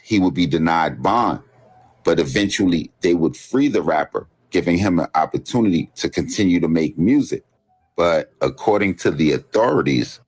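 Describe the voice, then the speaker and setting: A man's voice: low voice, a little mellow, breathy edge. A man narrating a serious scripted story about street violence, then asking viewers to comment. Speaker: channel host narrator.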